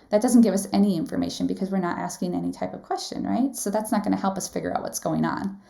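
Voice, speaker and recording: Gravelly-voiced woman teaching a live class. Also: mid-range voice, quick pace, hardly any pauses, dark tone. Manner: conversational, asks the audience questions, frequent "um" and "right?". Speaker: nursing exam instructor.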